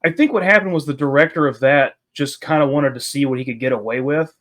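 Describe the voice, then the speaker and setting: A man's voice: mid-range voice, fast, fairly bright tone. A man chatting casually with fellow tabletop players, enthusiastic and explaining things at length. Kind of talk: casual chat between game sessions.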